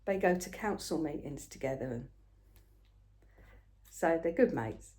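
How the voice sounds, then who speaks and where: Older woman rambling on, chatty and soft, kind of murmury storytelling. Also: low voice, lively intonation, a little slow, a little hiss or hum. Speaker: craft vlogger. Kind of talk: casual storytelling chat.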